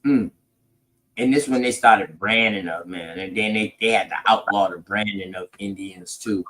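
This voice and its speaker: A man's voice: on the low side, normal speed, a bit bright, rough recording. A man, talking through history in a casual, profane, emphatic way. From South Carolina, United States. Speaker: podcast host.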